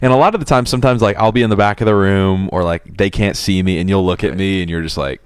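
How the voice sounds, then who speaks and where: A man co-hosting a casual podcast, chatting in a relaxed way and laughing along. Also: low voice, fast, clean tone, no echo, studio quality. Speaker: podcast co-host.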